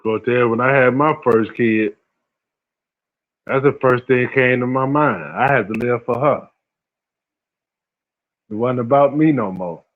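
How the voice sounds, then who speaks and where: A man's voice: medium pitch, measured pace, pauses often. A man in his forties hosting a casual livestream, talking slangy and laid-back, laughing often and addressing viewers by name. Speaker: livestream host. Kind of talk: casual livestream chat, reading chat. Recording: phone-like lo-fi sound.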